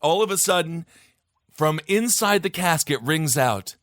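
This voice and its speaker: Animated joking man, lively voice. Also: on the high side, a little slow, no room sound, studio quality. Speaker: podcast co-host. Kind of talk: casual comedic chat.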